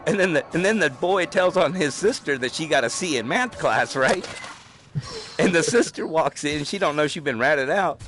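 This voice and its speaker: Guy rambling thru a story, cussing a lot, voice sits a bit high and jumps all over. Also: animated, normal speed, a bit bright. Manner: profane, rambling storyteller with frequent fillers. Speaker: podcast host. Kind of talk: casual chat.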